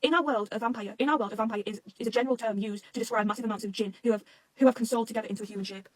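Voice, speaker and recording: A woman talking at breakneck speed in a slightly high voice, reacting casually and gushing over what she has read. She rambles, restarts her sentences, swears freely and gets emotional. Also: very fast, dry recording. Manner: excitable, rambling, swears often. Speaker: manga reaction vlogger.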